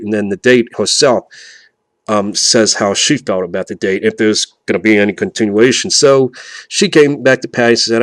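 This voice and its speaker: Male vlogger, mid-pitched, rambling with lots of fillers, builds to indignant outbursts, dry close sound. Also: dry recording. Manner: rambling, full of fillers and restarts, grows heated and indignant. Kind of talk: casual rambling rant.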